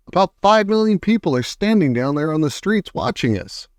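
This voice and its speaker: A man doing a blustery, excitable fire chief. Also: high-pitched, moderate pace, no room sound, studio quality, voice pushed up. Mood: alarmed. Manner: excitable, bossy, flustered.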